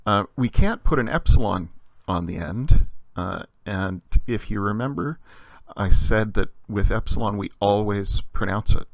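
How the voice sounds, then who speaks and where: Gravelly, low-voiced male teacher. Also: unhurried, dry recording. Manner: patient and explanatory, frequent "uh" fillers. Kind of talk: recorded language lecture.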